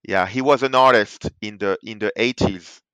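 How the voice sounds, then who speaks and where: A man's voice: lowish voice, moderate pace, a bit bright, smooth, no echo, low-quality recording. A man who is a guest receiving a reading, speaking hesitantly and stammering.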